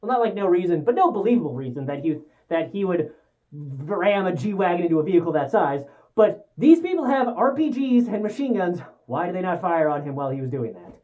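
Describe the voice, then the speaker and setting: A woman rants through a casual movie review with a lively, swooping pitch. She swears freely and sounds exasperated. The recording is dull and lo-fi. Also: brisk. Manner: exasperated, profane ranting.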